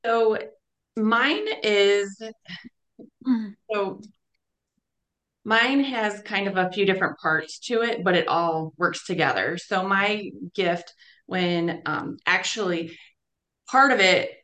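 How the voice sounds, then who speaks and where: A woman casually sharing a personal experience with a fellowship group, halting and restarting as she talks. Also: mid-range voice, a bit bright, poor audio.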